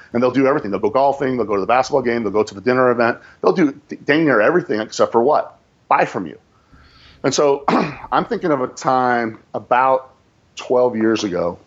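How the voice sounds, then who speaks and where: A man's voice: medium pitch, husky, muffled recording. A man, a sales manager, telling a story in a casual, emphatic way and repeating phrases for effect.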